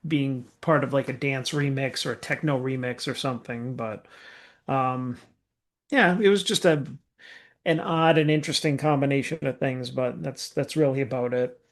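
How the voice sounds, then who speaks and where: A man's voice: medium pitch, normal speed. A man co-hosting a casual music podcast, giving a rambling, hesitant rating of a track with many fillers. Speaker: podcast co-host. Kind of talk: casual chat, album review.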